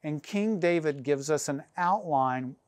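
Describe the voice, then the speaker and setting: A man preaching a sermon as pastor, earnest and measured, slowing down and pausing to stress key phrases. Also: a little high, dry recording.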